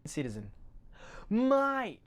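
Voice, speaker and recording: A man's voice: high voice, wildly swooping pitch, takes it slowly, fairly bright tone, heavily acted. A man voicing a laid-back mock-Australian teacher with a breezy, carefree drawl in a comedy sketch.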